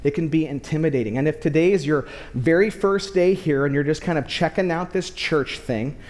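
A male pastor with a notably high-pitched voice delivers a sermon. He tells stories with lively energy and keeps speaking straight to the congregation. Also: fairly quick. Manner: lively storytelling, addresses the congregation directly.

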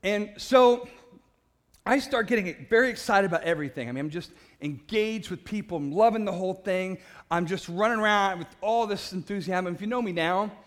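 Passionate, loud man with a high voice, sharing a personal testimony with a laugh at himself. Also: a little fast. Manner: animated storyteller, laughs at himself, stumbling repeats; passionate and loud by his own account. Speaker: speaker sharing his faith testimony.

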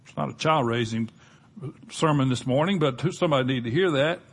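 A man's voice: mid-range voice, fairly quick, slightly rough. An older man with a Southern US accent preaching a sermon, folksy and conversational, with touches of humor. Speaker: pastor.

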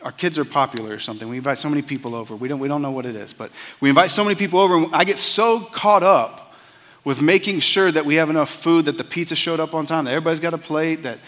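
A man's voice: fairly high pitch, fast, fairly bright tone, in a large hall. A man preaching a sermon as a pastor, earnest and conversational, often repeating words as he starts a phrase.

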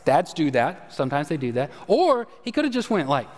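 A man preaching a sermon as pastor, telling a story in a conversational way and dropping low and quiet for emphasis. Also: a little fast, big-room sound. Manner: conversational storytelling, animated shifts, drops low and quiet at key points. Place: church sanctuary.

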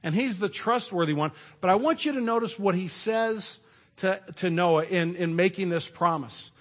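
Middle-aged guy preaching, chatty storytelling, voice sits a bit high. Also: lively intonation, moderate pace, a bit bright. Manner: conversational storytelling, with asides and restarts. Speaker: pastor. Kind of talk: sermon.

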